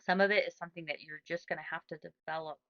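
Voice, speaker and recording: A middle-aged woman coaching runners, talking casually and rambling through her answers with many restarts. Her voice sits a little low, and it is recorded close and dry. The sound is somewhat dull and muffled. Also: fairly even intonation, rapid-fire, clean tone, no room sound. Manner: chatty, rambling, frequent restarts and fillers. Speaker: running coach. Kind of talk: casual Q&A advice.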